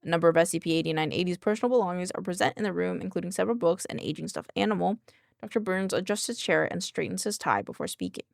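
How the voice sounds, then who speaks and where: A woman's voice: fairly low pitch, lively intonation, fast talker, vocal fry, no echo. A woman streamer reading a document aloud with chatty, thinking-aloud asides into a close desk microphone. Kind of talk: reading aloud with casual commentary.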